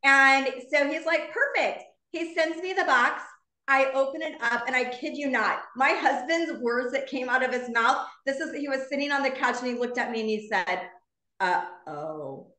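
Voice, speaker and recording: A woman's voice: sits high, steady tone, normal speed, sharp tone, echoey room. A woman in her fifties telling an earnest, heartfelt personal story to a live online audience. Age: 50s. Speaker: founder speaking to her business community.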